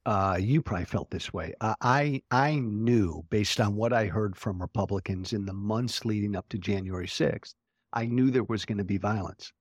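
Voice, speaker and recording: A man's voice: fairly low pitch, normal speed, husky, no room sound, studio quality. A man speaking as a guest in a casual political chat, blunt and profane, laughing often.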